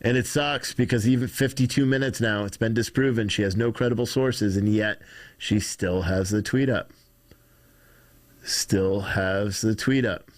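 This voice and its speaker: A man's voice: lowish voice, a little slow. Rambling, frustrated man streaming commentary. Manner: rambling, frustrated, reads chat aloud, swears. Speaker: livestream host. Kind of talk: casual livestream commentary.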